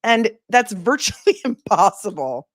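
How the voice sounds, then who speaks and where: A woman attorney hosting a casual legal talk livestream, talking in an animated, emphatic way and stressing her points in lists. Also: on the high side, unhurried, no room sound, clean studio sound. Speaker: attorney and show host.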